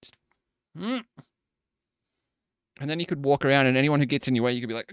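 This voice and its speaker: A man's voice: mid-range voice, clean tone, dry recording, studio quality. A man streaming, chatting and joking casually while reacting to videos. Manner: animated, joking, quick laughs.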